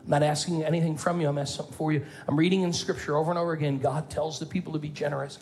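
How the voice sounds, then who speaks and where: A man preaching as a pastor in a playful, animated way, calling out to his congregation. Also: a little high, rapid-fire, a little hiss or hum. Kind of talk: sermon.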